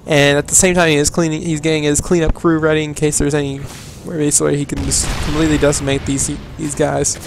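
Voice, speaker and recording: A man's voice: a little high, little pitch movement, fast, creaky, hardly any pauses, background noise. A man casting a strategy video game, talking in a loose, rambling way, restarting sentences and leaning on stock phrases. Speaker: game caster. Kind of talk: casual live game commentary.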